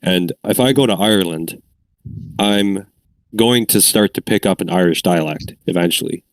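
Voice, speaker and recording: A man's voice: low voice, normal speed, no echo. A Canadian man from the Ottawa Valley, rambling in casual chat with lots of fillers. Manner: rambling, filler-heavy talk. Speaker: tabletop game player.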